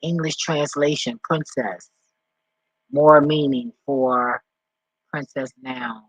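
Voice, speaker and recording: A man talking off the cuff in a vlog, rambling and excitable, swearing often as he reads and reacts. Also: mid-range voice, slow pace, no room sound, low-quality recording. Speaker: vlogger.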